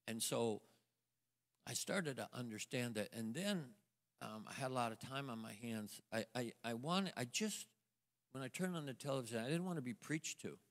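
An older man, a guest minister telling a testimony with halting restarts. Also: mid-range voice. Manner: storytelling, halting restarts, acts out quoted voices. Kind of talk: sermon testimony to a congregation. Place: church sanctuary. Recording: long church hall reverb.

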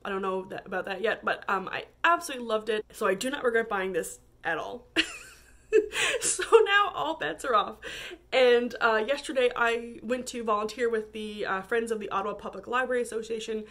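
A woman's voice: a little high, brisk, fairly bright tone. A woman from Canada chatting casually about books she bought, full of fillers and frequent laughter. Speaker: book vlogger. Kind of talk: casual chat.

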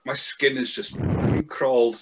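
A podcast host with a light Scottish accent chats casually over a remote call in a medium-pitched voice with flat delivery. He's quick and self-deprecating, stammering through many restarts and swearing now and then, against a noisy background.

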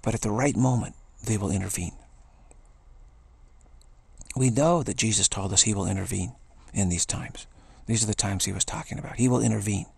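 Gravelly low-voiced man, earnest. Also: no room sound. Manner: earnest, repeats key phrases, halting restarts. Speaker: spiritual speaker. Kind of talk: earnest spiritual talk monologue.

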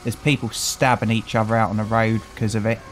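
A man's voice: on the low side, level tone, quick pace, slight background noise, rough recording. A British man casually commentating a gameplay video, chatty and wry, greeting the characters he meets as he plays. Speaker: gaming channel host. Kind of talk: casual let's-play commentary.

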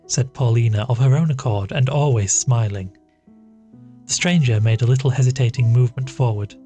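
A man reading a classic short story aloud as a podcast narrator, measured and even. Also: medium pitch. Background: faint music.

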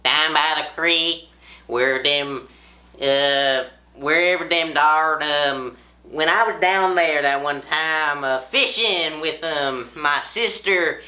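A man rambling off-script for a comedy sketch, halting with fillers and restarts. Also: fairly high pitch, sharp tone. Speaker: comedy performer. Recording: echoey room.

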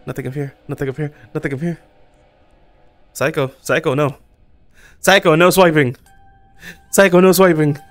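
Gravelly man voicing horror game commentary. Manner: swearing, talks to himself and the monster, squeals high when scared. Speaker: gaming streamer.

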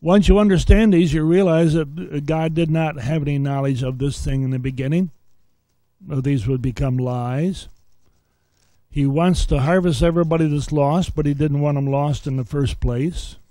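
A man teaches a Bible lesson in a preacher's cadence. He reads verses aloud and then explains them point by point. His voice sits a little high but sounds warm and mellow, and the recording is close and dry. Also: fairly even intonation, normal speed, no echo. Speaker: seminary teacher.

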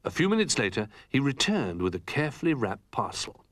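Male storyteller, children's book, expressive, very lively intonation, soft music behind. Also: lowish voice, normal speed. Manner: expressive, animated.

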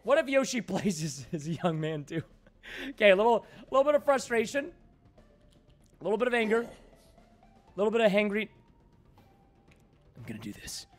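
A man with a high-pitched voice talks through a game on a casual livestream. He is excitable and jokey, and shouts when frustrated. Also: moderate pace, pauses often, faint music behind. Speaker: gaming livestreamer. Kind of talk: casual gaming livestream commentary.

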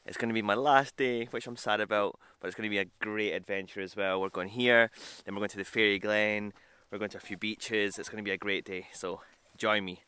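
A man's voice: on the low side, steady tone, fairly quick, hardly any pauses, bright, forceful tone, smooth, no echo. A man talking casually to camera on a travel vlog, chatty and self-deprecating, on a hiking trail outdoors. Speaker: vlogger.

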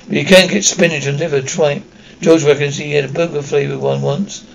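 A man's voice: a little high, fairly even intonation, a little fast, gravelly, dull audio, a little hiss or hum. Ron, a man doing a chatty young schoolboy wizard. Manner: chatty and blunt. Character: excitable red-haired schoolboy wizard. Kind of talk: audiobook character reading.

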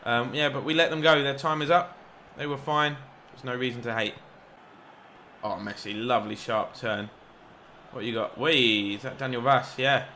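A young man giving excitable, rambling live commentary over a football video game, shouting encouragement at the players and joking at himself. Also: medium pitch, moderate pace, slight background noise. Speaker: gaming YouTuber.

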